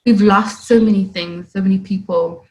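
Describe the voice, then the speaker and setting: A young woman, hosting a podcast in casual, animated chat. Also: medium pitch, moderate pace, low-quality recording. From South Africa. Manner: animated, exclamatory, laughs often. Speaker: podcast host.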